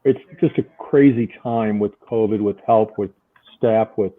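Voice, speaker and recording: A man from Buffalo, New York, a guest telling animated stories in a casual chat over a remote call. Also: on the low side, a little slow. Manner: animated, chatty storyteller. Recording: tinny phone-like line.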